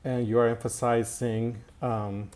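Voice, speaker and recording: Slow, halting man teaching Italian grammar. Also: mid-range voice, little pitch movement, a little mellow. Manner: slow and halting, with many fillers and repetitions. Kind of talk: recorded language lesson.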